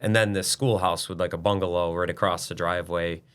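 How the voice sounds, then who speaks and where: 低沉直率的中年男人. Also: male voice, low-pitched, fairly even intonation, a little fast, fairly bright tone, clean tone. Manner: blunt and emphatic, with mild swearing. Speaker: business owner guest. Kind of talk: casual interview talk.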